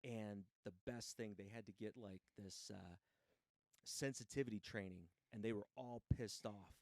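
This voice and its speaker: A man's voice: on the low side, moderate pace, no room sound, studio quality. A man hosting a casual chat, a laid-back, profane storyteller who acts out the people he quotes, raised in a Mexican household. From Mexican upbringing. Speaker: podcast host.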